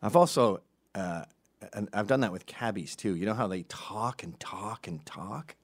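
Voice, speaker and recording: A man's voice: fairly low pitch, unhurried. A middle-aged man doing a profane, sardonic comedy monologue.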